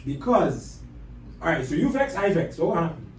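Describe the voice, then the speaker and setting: A man's voice: fairly high pitch, sing-song, moderate pace, a crowd in the background. A man, co-hosting a podcast, arguing his point insistently and repeating himself in a heated casual debate. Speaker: podcast co-host. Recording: echoey room, mic far off, faint noise.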